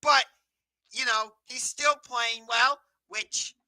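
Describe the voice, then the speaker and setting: A man from the Cleveland area hosting a live sports talk show, chatty and energetic, sometimes correcting himself mid-sentence. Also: extremely high pitch, slow, gravelly, dry recording, low-quality recording. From Cleveland area, USA.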